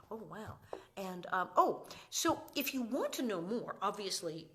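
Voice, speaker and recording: A woman's voice: mid-range voice, moderate pace, slight background noise. A woman in her fifties chatting casually on a live stream, telling stories with acted-out quotes and sudden drops into whispers. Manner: animated storyteller, acts out quotes, drops to whispers. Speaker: actress hosting a live stream.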